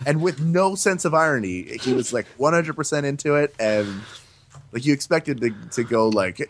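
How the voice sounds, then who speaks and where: A man being interviewed, chatting casually and telling animated stories about doing voices. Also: mid-range voice, moderate pace, a little hiss or hum. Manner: animated storyteller, breaks into playful voices. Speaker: voice actor guest.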